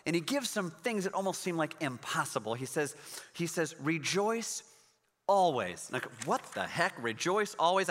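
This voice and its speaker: A man's voice: on the high side, fairly bright tone, in a large hall. A pastor in his forties preaching a sermon in a conversational, storytelling way, with emphatic rises in his voice.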